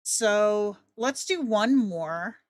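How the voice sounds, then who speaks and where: A woman's voice: medium pitch, expressive, very slow, dry recording. Woman host, chatty, candid, casual tutorial commentary, dry close mic.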